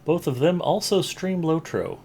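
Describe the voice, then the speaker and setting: A man hosting a live game stream, chatting casually and giving shout-outs to viewers and friends. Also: on the high side, very animated, a little slow, a little hiss or hum. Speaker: streamer host.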